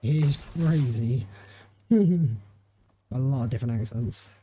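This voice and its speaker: A man with an English accent talks in a loose, rambling way while gaming, laughing easily between thoughts. His voice is very dark and mellow, with relaxed, everyday chat. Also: mid-range voice, slow, husky. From England. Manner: rambling, chatty, laughs often. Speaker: streamer. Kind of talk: casual chat during a game stream.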